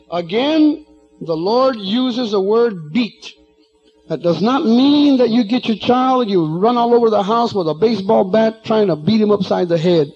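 A man's voice: very high-pitched, a little mellow, highs cut off. A man preaching a sermon, often restarting and filling with "uh". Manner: preaching with many restarts and fillers, acting out quoted voices.

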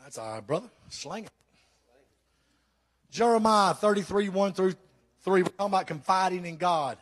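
A man's voice: sits high, lively intonation, normal speed, fairly bright tone. A man preaching a sermon to his church, reading scripture with emphatic praise.

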